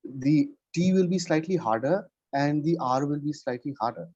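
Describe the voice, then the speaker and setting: A man's voice: on the high side, expressive, moderate pace, darkish tone, dry recording, muffled recording. A man giving a one-on-one English lesson over a video call, explaining patiently and checking in with "right?" after nearly every point. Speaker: English tutor.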